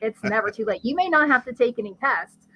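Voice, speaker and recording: A woman, a guest expert, explaining brain science in conversation with a lively teaching manner and vivid everyday examples. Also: a little high, brisk, husky, highs cut off. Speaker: guest expert on ADHD and learning.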